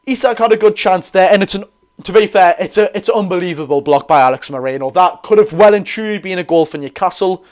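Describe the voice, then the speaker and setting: A man's voice: sits high, quick pace, a little mellow. A man with a Geordie accent hosting a live football watch-along, giving chatty commentary, correcting himself and greeting viewers.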